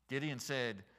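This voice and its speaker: A male pastor preaching in an animated way, climbing to loud emphatic peaks and tossing joking asides to the congregation. His voice is bright and forward. It rings out with a long reverb through a church sanctuary. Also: medium pitch, clean tone. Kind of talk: sermon.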